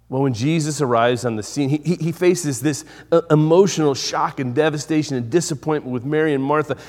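Male pastor, sermon, mid-pitched voice, loud-to-hushed preaching, repeated phrases, long hall reverb.

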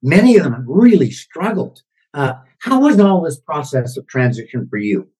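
A man's voice: fairly high pitch, sing-song, moderate pace, a little mellow, husky, low-quality recording. A middle-aged man hosting a podcast interview, enthusiastic and encouraging in a motivational way. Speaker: podcast host.

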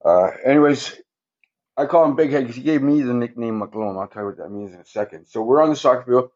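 A man's voice: mid-range voice, fast, darkish tone. Guy rambling thru a story, swears a ton, keeps saying right?, kinda muffled audio. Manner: rambling, heavy swearing, frequent "right?" tags. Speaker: podcast guest. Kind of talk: casual storytelling interview.

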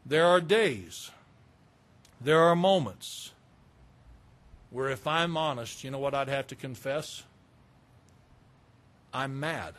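A middle-aged pastor from the Southern United States preaches candidly and conversationally, slipping in confessional asides. His mid-range voice is expressive and fairly bright, with a slow pace and frequent pauses.

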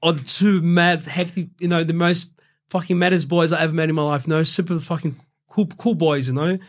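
A man's voice: a little high, steady tone, fairly quick. A young Australian man from Brazil, telling his story as a guest in a casual interview, rambling with heavy swearing and fillers. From Brazil, raised in Australia.

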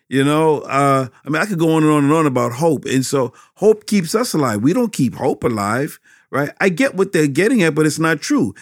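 A middle-aged man, a pastor, answering interview questions about teaching children, with animated, preacherly emphasis and frequent repetitions. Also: fairly high pitch, no room sound, studio quality.

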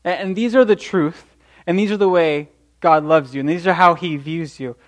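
A man's voice: on the high side, moderate pace. A young man preaching a sermon in an earnest, encouraging way, often restarting his sentences. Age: young adult.

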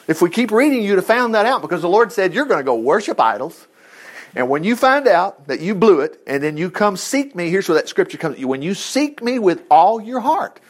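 A man's voice: sits high, sing-song, fairly quick. A man leading an informal Bible study, reading scripture aloud, joking and acting out the quotes in a folksy way.

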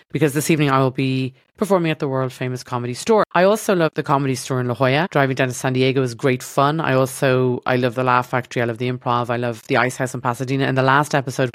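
Fast-talking low-voiced Irish woman. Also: no room sound, studio quality. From Ireland. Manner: rambling, self-deprecating, swears freely. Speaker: podcast host. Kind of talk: casual comedic monologue. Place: podcast studio.

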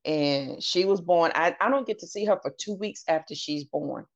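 On a dull, lo-fi podcast recording, a female guest speaks in a lowish voice at normal speed. She candidly and earnestly recounts her own story, voicing others' dialogue herself.

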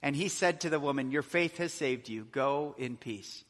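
A man's voice: mid-range voice, moderate pace, fairly bright tone. A male pastor preaching a sermon, earnest, with rising and falling emphasis. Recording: long hall reverb.

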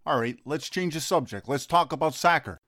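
A man's voice: a little high, a little fast, a bit bright, no echo, clean studio sound. A man in a comedy sketch talking bluntly and teasingly to a friend, swearing freely in street-tough slang. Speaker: friend of the coach.

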